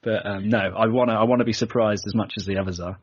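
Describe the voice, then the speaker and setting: British man, husky, chatty podcast host. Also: on the low side, steady tone, fast talker, dry recording, lo-fi sound. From Britain. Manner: chatty, laughing easily, self-deprecating. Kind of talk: casual chat.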